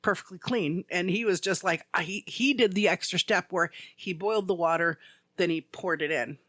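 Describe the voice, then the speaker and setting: Chatty guy on a podcast, high bright voice, dry close sound, rambles with lots of "like". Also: normal speed, dry recording. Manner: rambling storyteller, heavy use of "like". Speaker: podcast co-host. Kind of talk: casual chat.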